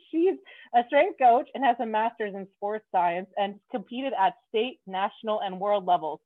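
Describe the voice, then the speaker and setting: A playful woman hosting a casual podcast interview, bubbly and quick to laugh. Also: mid-range voice, dry recording. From Canada. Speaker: podcast host. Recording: tinny phone-like line.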